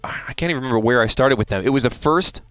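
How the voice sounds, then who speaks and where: A man, a voice actor being interviewed, talking in a chatty, relaxed way with many restarts. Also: medium pitch, fast talker, clean tone, dry recording, faint music behind. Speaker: voice actor guest.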